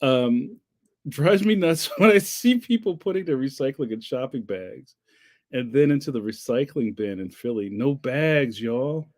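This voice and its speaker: This Philadelphia man, hosting a livestream, rambles and jokes his way through viewer comments with plenty of laughter. He speaks at a medium pitch, animated and a little slow.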